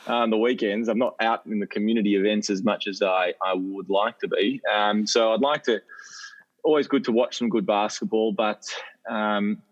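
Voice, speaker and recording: Australian male guest over a dull phone line, lowish voice, careful and halting. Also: steady tone. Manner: measured, hesitant with many restarts. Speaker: politician guest. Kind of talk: casual podcast chat.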